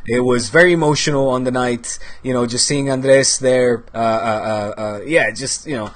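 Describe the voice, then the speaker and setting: A man's voice: mid-range voice, steady tone, normal speed. A man in his thirties from the Netherlands, hosting a football show in casual, rambling chat full of fillers and swearing, with a cold. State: has a cold.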